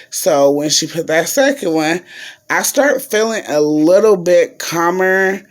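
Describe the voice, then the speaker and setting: Slow-talking woman telling a story to viewers. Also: low voice. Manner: chatty, addresses viewers as y'all, many fillers. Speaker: vlogger.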